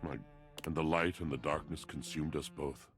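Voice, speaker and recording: Deep-voiced gothic lover in a game, melancholic and theatrical, speaking in poetic archaic lines. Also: male voice, steady tone, normal speed, faint music behind. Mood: mournful, seductive. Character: brooding gothic male object, mournful poet. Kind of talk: video game voice acting.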